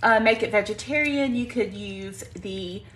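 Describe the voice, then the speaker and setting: A Southern woman from Alabama hosting a live home cooking stream in her kitchen. She chats in a folksy way, greets viewers by name and says y'all a lot. Allergies have her clearing her throat. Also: mid-range voice, unhurried, fairly bright tone, a little hiss or hum, low-quality recording. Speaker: live cooking show host.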